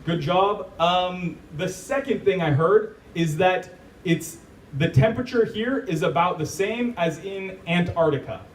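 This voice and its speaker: Brief: high-voiced American man, chatty and joking, heard from a distance in an echoey hall. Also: measured pace. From United States. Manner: laughs often, chatty and joking. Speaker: guest speaker. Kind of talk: live talk to an audience. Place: event hall. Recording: echoey room, distant mic, faint noise.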